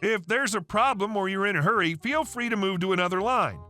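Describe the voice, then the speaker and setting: Polite patient cashier girl read by a man, bright high voice. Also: brisk, faint music behind.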